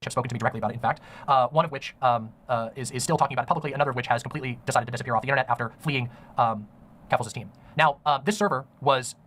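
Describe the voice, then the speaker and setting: A man's voice: medium pitch, racing, a bit bright. A man narrating a commentary video in an earnest, serious way, with many ums and uhs. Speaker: online commentator.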